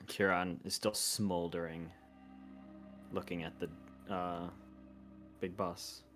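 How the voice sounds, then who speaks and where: A man's voice: deep voice, flat delivery, slow, a bit bright, faint music behind. A man playing a tabletop game, earnestly describing what his character does. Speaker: player.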